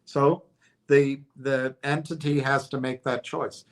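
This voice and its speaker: Slow, rambling man thinking aloud. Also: mid-range voice, flat delivery. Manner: rambling, hesitant, thinking aloud with many restarts. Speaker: stock commentator. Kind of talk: casual speculative monologue.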